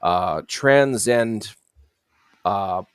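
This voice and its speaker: Low-voiced man, earnest and reflective. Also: drawn-out words, smooth, dry recording, studio quality. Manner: earnest, reflective storytelling with frequent hesitations. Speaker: guest, fantasy series creator. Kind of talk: casual interview conversation.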